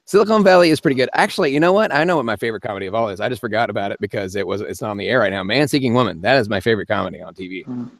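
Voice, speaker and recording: Chatty man with a low voice. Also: racing, hardly any pauses, no echo. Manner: chatty, rambling, laughs often, frequent restarts. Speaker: voice actor live-streaming Q&A host. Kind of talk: casual live-stream chat answering viewer comments.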